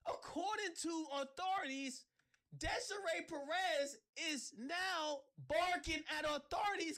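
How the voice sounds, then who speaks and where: A man hosting a livestream, ranting sarcastically in casual chat and breaking into shouts. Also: very high-pitched, measured pace. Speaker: livestream host.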